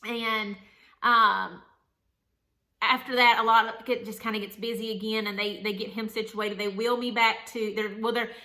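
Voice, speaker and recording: A young woman shares a candid personal story in an earnest, meandering way, leaning on "like" as she talks. Her voice sits a little high and sounds bright and forward. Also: little pitch movement, moderate pace. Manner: earnest, rambling, many "like" fillers. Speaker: vlogger, new mother.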